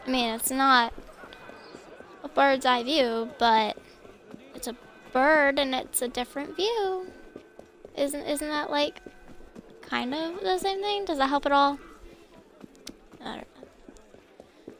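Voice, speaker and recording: Young woman, game commentary, high and bright tone, unhurried, chatty and apologetic. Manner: chatty, apologetic, bursts of surprised laughter. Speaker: gameplay streamer.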